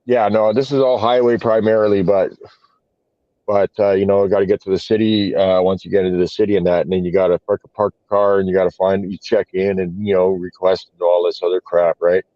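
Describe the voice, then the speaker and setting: A man's voice: deep voice, little pitch movement, a little fast, no room sound. A man in casual podcast chat, telling a rambling story full of swearing and filler words. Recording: dull, dry lo-fi podcast audio.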